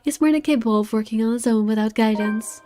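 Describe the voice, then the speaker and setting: A woman's voice: a little high, warm tone, slight background noise, close to an everyday voice. A woman reading as a proud young man. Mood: haughty. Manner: measured, dramatic reading. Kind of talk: reading game narration aloud. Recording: faint game music behind.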